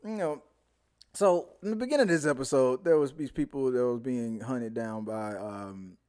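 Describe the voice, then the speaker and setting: A man hosting a casual live-stream review, rambling and animated, often trailing off into mumbles. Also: mid-range voice, normal speed, clear, resonant tone. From Houston, Texas area. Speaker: show host.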